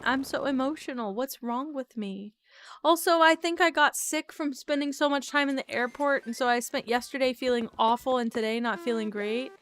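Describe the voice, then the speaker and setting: Young woman, rambly gaming vlogger, bright higher-pitched voice, casual and chatty. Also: moderate pace, slight background noise. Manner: rambling, chatty, repeats silly words. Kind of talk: casual chat while gaming.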